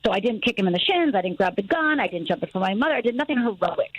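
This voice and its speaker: A middle-aged woman from Upper Michigan, a guest on a radio talk show, telling a personal story in an animated way, acting out voices and laughing easily. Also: medium pitch, very fast, no room sound, poor audio. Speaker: guest, fear expert.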